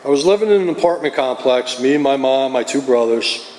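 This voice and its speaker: A man's voice: mid-range voice, lively intonation, brisk, darkish tone. A middle-aged man with a New Jersey accent, telling his own story to a recovery group in an earnest, confessional way. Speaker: recovery meeting speaker. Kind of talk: personal testimony. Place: meeting hall. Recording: roomy hall, faint ambience.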